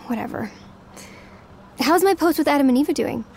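A woman's voice: high-pitched, moderate pace, a little mellow, slight background noise. An actress playing an earnest, dreamy young woman in a comedy audio drama. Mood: rattled. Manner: earnest, dreamy, easily rattled. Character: young woman, sweet and anxious. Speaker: Sarah, lead character. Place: city apartment, Brooklyn.

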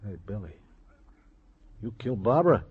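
An actor playing a grieving, bitter widower in a 1950s radio drama, talking bluntly and repeating himself. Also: male voice, on the low side, sing-song, normal speed, full character voice. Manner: repetitive, blunt, rough speech. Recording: dull old radio broadcast.

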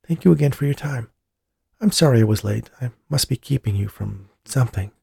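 A man's voice: mid-range voice, animated, a little fast, gravelly, darkish tone, breathy edge, dry recording, clean studio sound, voice pushed up, heavily acted. A man voicing an anxious, polite older widow, raising his voice to play her. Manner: fretful, polite.

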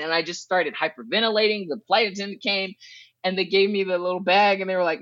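Guest: lively woman from Southern California, casual storyteller, acts out her past thoughts with big pitch jumps, dull dry recording. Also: brisk, no room sound. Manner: swears casually and laughs between thoughts. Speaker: guest, educational consultant.

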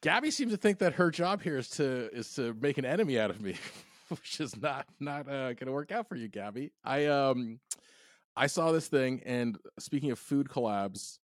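A podcast co-host with a medium-pitched, expressive voice chats casually at a moderate pace, easygoing and laughing often. The recording is studio quality with no room sound.

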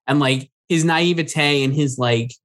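A man's voice: on the high side, measured pace, fairly bright tone. A man co-hosting a casual film awards podcast, talking loosely with lots of filler words and restarts. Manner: chatty, full of "like" fillers and restarts. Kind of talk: casual chat.

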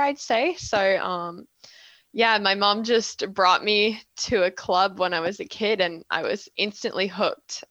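A woman's voice: medium pitch, a bit bright, no room sound, highs cut off. A young woman from Canada with a Canadian accent, answering interview questions in a chatty way, often laughing and using fillers. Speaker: guest, synchronized swimmer.

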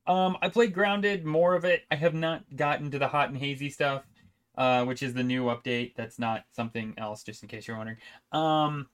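A man's voice: mid-range voice, fairly even intonation, normal speed, fairly bright tone, clean tone. A man chatting casually about video games on a podcast, rambling with frequent restarts and laughs. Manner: rambling, laughing, self-interrupting. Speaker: podcast co-host. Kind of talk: casual gaming chat.

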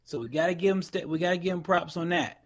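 A man co-hosting a podcast in casual chat, talking with many restarts and laughs. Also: sits high. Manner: halting, lots of restarts and laughs. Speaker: podcast co-host.

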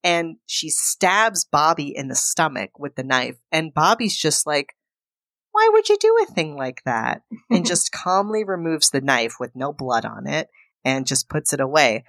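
A woman with a notably low voice chats through a movie plot for a podcast. She jumps into the characters' lines as she goes, and the sound is close and dry with no room echo. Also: unhurried. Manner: animated retelling, acting out characters' lines. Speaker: podcast co-host. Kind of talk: casual film recap.

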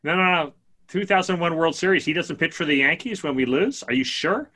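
Bright-voiced teasing man. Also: on the high side, a little fast. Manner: teasing, joking banter. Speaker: podcast co-host. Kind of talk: casual chat.

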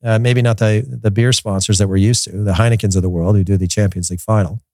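Rambling low-voiced man hosting a soccer podcast. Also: fairly even intonation, fast, a little mellow, no room sound, clean studio sound. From United States. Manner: rambling, opinionated, repeats words while thinking. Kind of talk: casual podcast commentary.

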